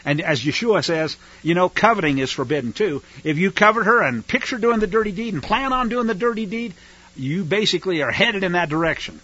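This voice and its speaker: A man's voice: sits high, animated, fairly quick, bright, forceful tone, husky. A man teaching the Bible on the radio, reading scripture and breaking in with folksy, sarcastic asides. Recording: dull lo-fi radio broadcast.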